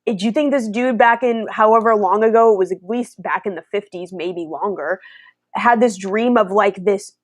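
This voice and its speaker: A woman's voice: medium pitch, moderate pace, no room sound. A young woman hosting a casual spiritual chat, talking bluntly with lots of swearing and mocking impressions. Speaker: host.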